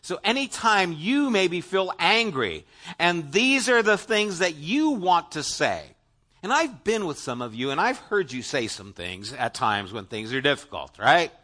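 This pastor's voice is fairly high-pitched and very animated, though his pace is measured. His sermon is earnest and conversational, aimed directly at the congregation, shifting from emphatic lines to hushed asides.

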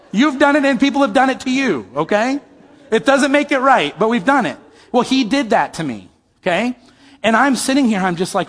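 A man with a high voice preaches in a casual, storytelling way, turning to his listeners with questions as he goes. His words ring out with a long echo, as if spoken in a big church hall. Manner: conversational, asks the audience questions. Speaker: pastor. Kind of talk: sermon storytelling.

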